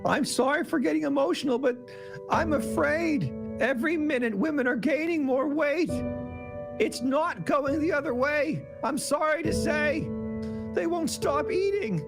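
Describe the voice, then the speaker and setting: A man's voice: very high-pitched, unhurried, gravelly, full character voice. A man playing a fretful, mock-earnest Canadian male pundit in a comic impression, ranting and apologizing. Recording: clip with loud music behind.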